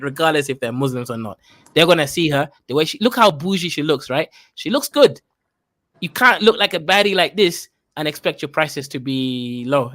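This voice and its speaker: Man, from Kenya, casual chat, tag questions, slightly high pitch, dry sound. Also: a bit bright, dry recording. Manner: chatty, advice-giving, says "right?" often. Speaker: host.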